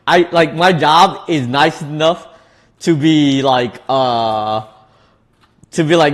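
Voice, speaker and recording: A relaxed male streamer chatting while he snacks, his voice sitting a little on the high side. He talks in easygoing slang and often doubles up his words as he goes. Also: unhurried. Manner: laid-back, slangy, repeats words. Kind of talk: casual chat while eating.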